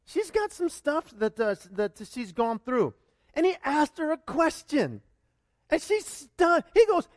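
Male pastor, very high and animated voice, chatty sermon full of questions, dry close sound. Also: unhurried, no room sound. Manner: conversational and animated, with many repeated starts and rhetorical questions.

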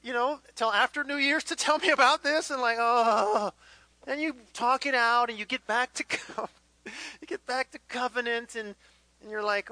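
High bright-voiced preacher man. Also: normal speed, no echo, low-quality recording. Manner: conversational, acts out little dialogues with the congregation. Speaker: pastor. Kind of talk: sermon. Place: church hall with live congregation.

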